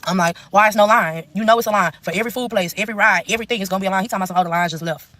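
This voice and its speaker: Rapid-fire profane woman ranting. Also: medium pitch, fairly bright tone, no room sound. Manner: blunt, profane, rapid run-on storytelling. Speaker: TikTok storyteller. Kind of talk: casual storytime rant.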